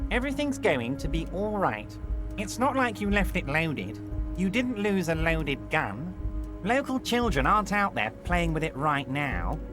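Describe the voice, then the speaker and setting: A smug middle-aged union boss in a video game, all honeyed reassurance with a needling edge. His voice sits high for a man and swoops in a lively, sing-song way, with faint game music underneath. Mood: falsely soothing. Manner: honeyed, patronizing, falsely soothing.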